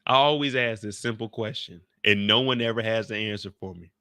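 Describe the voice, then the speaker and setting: A man's voice: on the low side, brisk, pushed and bright, clean tone, no room sound. A man hosting a TV recap channel, talking casually and slangily, joking and addressing his viewers directly. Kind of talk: casual, animated video commentary.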